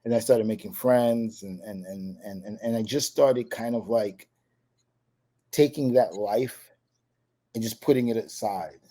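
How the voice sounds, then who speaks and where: Mellow-voiced man telling stories. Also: lowish voice, measured pace. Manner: rambling, many restarts and fillers. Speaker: guest, table tennis player. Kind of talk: casual storytelling interview.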